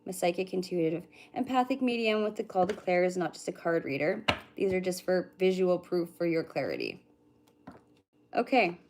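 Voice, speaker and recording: A woman's voice: fairly low pitch, sing-song, moderate pace, a little mellow, a little hiss or hum. Chatty woman doing live psychic readings. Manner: chatty, greets viewers by name, hums and mutters to herself between readings. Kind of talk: casual livestream chat with viewers.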